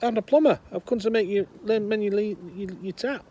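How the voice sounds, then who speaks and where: A man voicing an exasperated plumber shouting through a door. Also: sits high, a little fast, voice pushed up. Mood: insistent. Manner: increasingly fed-up, insistent. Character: exasperated working-class male plumber.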